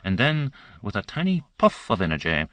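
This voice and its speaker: A man voicing a joking, teasing male crewman with a drawn-out delivery. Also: lowish voice, sing-song, fairly bright tone, dry recording. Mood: playful.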